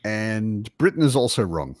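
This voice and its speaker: A man with a lowish voice hosts a relaxed book chat on a livestream. He rambles and corrects himself in an easy way. The sound is dry and close, as on a video call. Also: normal speed, no echo. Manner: rambling, self-correcting, chatty. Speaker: livestream host. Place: home in Berlin.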